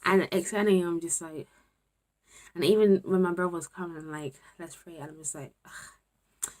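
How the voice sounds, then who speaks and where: A woman's voice: fairly low pitch, fairly quick, a little mellow. A young woman, a student talking candidly to camera in a casual vlog, often dropping to a murmur. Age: 20s. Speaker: university student vlogger.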